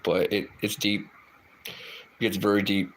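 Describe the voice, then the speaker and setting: A man's voice: fairly low pitch, level tone, unhurried, slight background noise, rough recording. A man hosting a livestream, rambling and hesitant, answering viewer comments with lots of fillers and restarts. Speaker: livestream host. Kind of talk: casual chat, reading out viewer comments.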